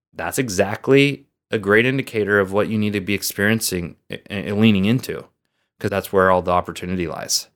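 A man with a somewhat low voice hosts a motivational podcast. He speaks as a coach, earnest and encouraging, leaning into his words with lively emphasis.

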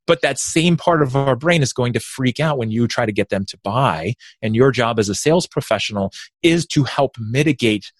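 A man who is a sales consultant guest on a podcast interview, energetic and explaining with quick asides. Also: medium pitch, no room sound.

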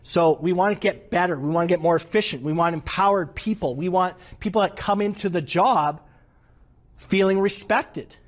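A man giving an interactive leadership workshop to a live audience, animated and quizzing the room. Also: high voice, normal speed. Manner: animated, asks the audience questions.

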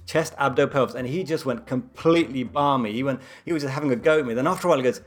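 A man's voice: mid-range voice, racing. A man, a doctor co-hosting a podcast, telling a playful anecdote in casual chat.

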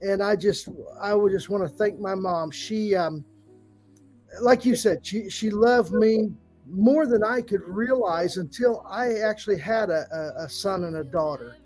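A middle-aged man co-hosting a podcast, telling family stories in a halting, emotional way with many fillers. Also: high-pitched, faint music behind, low-quality recording. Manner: warm storyteller, halting with fillers, tearful at times. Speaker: podcast co-host. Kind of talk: heartfelt podcast tribute.

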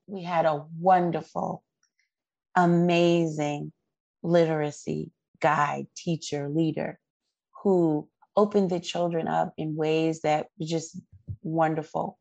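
A woman with a low, gravelly voice tells an earnest, heartfelt story as an interview guest. Her voice is close and dry, with no room around it. She talks at length with real feeling. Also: steady tone, takes it slowly, a little mellow, no echo, highs cut off. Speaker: guest parent.

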